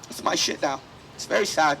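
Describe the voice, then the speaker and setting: A man's voice: a little high, fairly quick, vocal fry, sharp tone, slight background noise, low-quality recording. A man doing a brash, profane stand-up set at an outdoor festival stage, slipping into voices for the people in his stories. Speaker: stand-up comedian.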